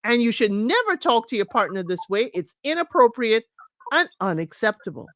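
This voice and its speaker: A talkative woman runs through the week's reality TV drama in a casual recap. Her voice sits fairly high, and the recording is close and dry with no room sound. She talks straight to her viewers and keeps calling them y'all. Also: moderate pace, dry recording. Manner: chatty, animated, addresses viewers as y'all.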